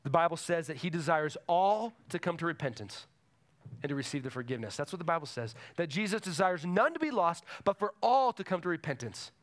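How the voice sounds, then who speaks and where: Animated preaching man. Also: on the high side, brisk. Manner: emphatic, repeats key phrases. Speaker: pastor. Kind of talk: sermon. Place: church before a congregation.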